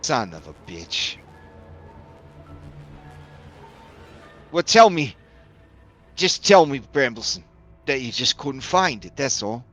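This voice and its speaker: Guy doing a high squeaky panicky stuffed cat noble, stammers, kinda whiny. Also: big pitch swings, measured pace, fairly bright tone, soft background music. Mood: desperate. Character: reanimated taxidermy cat lord, frantic, whiny.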